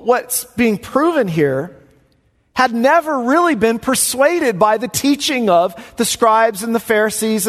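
A man preaching a sermon as pastor in a church, talking to the congregation in a conversational way and rising into emphatic bursts. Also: high voice. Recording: echoey hall with long reverb.

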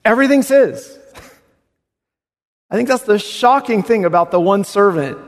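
A male pastor preaching in a church, his fairly high voice leaping up and dropping low as he moves from hushed to exclaiming. The sound carries the long reverb of a large hall. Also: a little slow. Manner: animated, swings from hushed to exclamatory. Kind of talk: expository sermon.

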